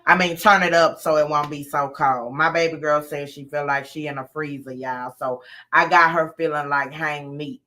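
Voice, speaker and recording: A woman hosting a casual live chat from home, talking easily with frequent ums and pauses. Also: low-pitched, fairly even intonation, bright, forceful tone.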